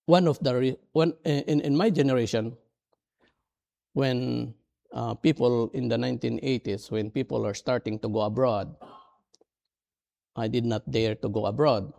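A middle-aged man, a non-native English speaker, preaching a sermon in an earnest, halting, self-deprecating way. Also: mid-range voice, fairly even intonation, gravelly, warm tone. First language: not English. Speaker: pastor.

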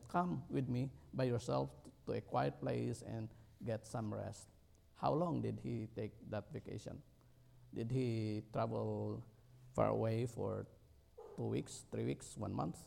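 Gravelly middle-aged man preaching haltingly. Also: mid-range voice, warm tone. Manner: halting, with many fillers and restarts, rising emphatically on key words. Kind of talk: sermon.

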